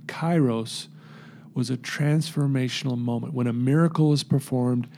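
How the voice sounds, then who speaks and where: Gravelly-voiced man telling his story. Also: medium pitch, normal speed. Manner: earnest, animated storyteller acting out quotes. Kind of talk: personal storytelling interview.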